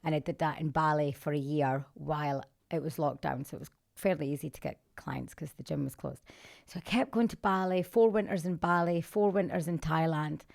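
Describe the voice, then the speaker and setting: Brief: lower-voiced woman in her thirties, energetic podcast guest, inspirational, laughs easily. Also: gravelly. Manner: enthusiastic, quick to laugh, inspirational. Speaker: podcast guest, singer and fitness coach. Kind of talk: casual podcast conversation.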